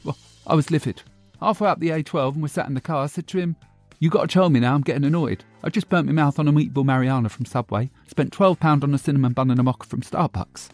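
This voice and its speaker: Brief: man playing a loud, gushing hostess with a raised voice and faint music under her. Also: a little high, fast talker, no echo, natural voice. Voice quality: loud, chatty, swearing, theatrical. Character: brash, gossipy middle-aged Essex woman talk-show host. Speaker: podcast host. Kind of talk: comic character monologue.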